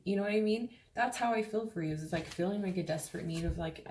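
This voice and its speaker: A woman's voice: mid-range voice, quick pace, few pauses, darkish tone, a little hiss or hum. A woman giving a casual tarot reading, talking frankly and chattily, swearing freely and acting out quoted voices. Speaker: tarot reader.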